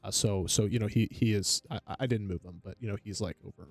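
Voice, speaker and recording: Guy gm for a tabletop game, lowish voice, hesitant, dry close sound. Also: no room sound, soft background music. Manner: halting, many fillers and restarts. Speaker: game master.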